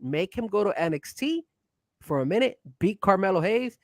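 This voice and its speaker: A man co-hosting a wrestling talk show, all hype and pushy banter. His voice sits a bit high for a man and is recorded dry and close, with no room sound. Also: very animated, normal speed, no room sound. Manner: hyped, pushy fan banter. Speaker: co-host.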